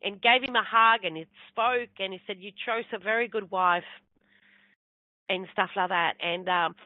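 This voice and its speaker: A woman's voice: medium pitch, normal speed, dry recording. Woman telling a story, plays out all the voices, sounds tinny and dry like a phone. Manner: animated storyteller acting out quoted dialogue. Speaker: guest, spiritual medium. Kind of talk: casual storytelling in an interview.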